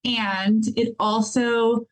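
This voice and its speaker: A woman guest therapist answering interview questions over a video call. She speaks calmly and thoughtfully, with soft "um"s. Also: fairly high pitch, very slow, low-quality recording. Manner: thoughtful, calm, with soft laughs and "um"s.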